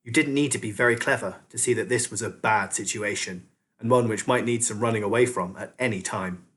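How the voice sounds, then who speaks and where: A man reading a children's novel aloud as a teacher, expressive storyteller. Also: fairly low pitch, fairly quick.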